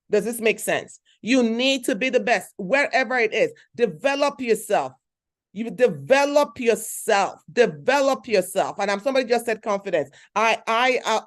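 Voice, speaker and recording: A woman speaker with a fairly high voice delivers a motivational talk. She is emphatic and repeats key phrases. She keeps asking her listeners whether they are following. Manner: emphatic, repeats phrases, asks the audience questions. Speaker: speaker at a conference.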